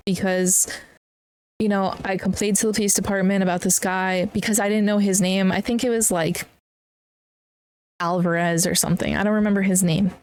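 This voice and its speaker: A woman's voice: mid-range voice, fairly even intonation, moderate pace, darkish tone, smooth. A young woman hosting a podcast, telling a personal story bluntly with lots of swearing and plain upset. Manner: blunt and heavily profane, upset while recounting. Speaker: podcast host.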